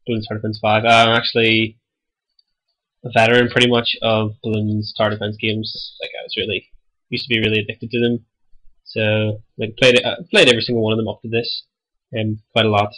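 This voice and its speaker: A young man in his late teens, stuffy-nosed and a little raspy from a cold, giving rambling, hesitant commentary over a game he is playing. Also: lowish voice, sharp tone, rough recording. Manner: rambling and hesitant, many ums. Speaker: gaming channel host. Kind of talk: casual gameplay commentary.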